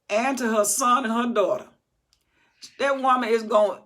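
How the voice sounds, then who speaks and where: An older woman giving an informal, animated Bible teaching in a folksy way, acting out the scripture passages, her voice still recovering and a little worn. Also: a little high, moderate pace.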